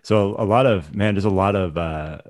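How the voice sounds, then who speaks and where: A man hosting a casual interview, relaxed and chatty, affirming his guest's story before he asks the next question. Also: low-pitched, moderate pace, crowd noise. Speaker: interview host.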